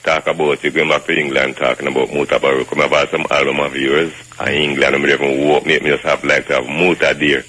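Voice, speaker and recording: A Jamaican man calling in to a radio show, excited and rambling. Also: extremely low pitch, brisk, hardly any pauses, breathy edge. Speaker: caller. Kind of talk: casual radio call-in.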